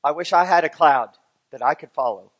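A pastor delivering a sermon in a notably high, bright male voice. He reads scripture passages aloud, then works through them for his listeners, building from a steady teaching tone into fervent preaching. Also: fairly quick.

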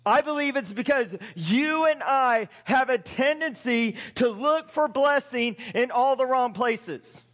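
High-voiced male pastor preaching. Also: animated, unhurried, few pauses, a bit bright, long reverb tail. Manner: conversational, emphatic, rhetorical questions. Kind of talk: sermon.

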